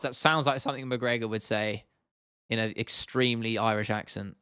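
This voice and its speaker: A man's voice: medium pitch, steady tone, moderate pace, pushed and bright, clear, resonant tone, no echo, clean studio sound. A man hosting an MMA livestream, chatting casually and answering viewer comments in a rambling, sweary way. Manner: rambling, swears freely, lots of restarts and fillers.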